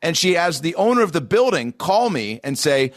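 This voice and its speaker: A man's voice: a little high, very animated, moderate pace, no echo. Man telling profane anecdotes, dry mic. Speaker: podcast co-host. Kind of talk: casual podcast chat.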